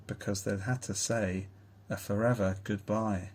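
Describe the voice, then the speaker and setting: A man reading a children's Bible story aloud in a slow, tender storytelling manner. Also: on the low side, steady tone, a little hiss or hum. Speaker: reader.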